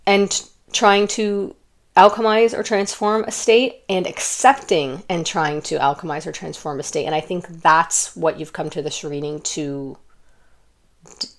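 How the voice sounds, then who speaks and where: Soft-spoken woman giving a card reading. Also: deep voice. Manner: gentle, rambling, many fillers and restarts. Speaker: tarot card reader. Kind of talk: intuitive pick-a-card reading.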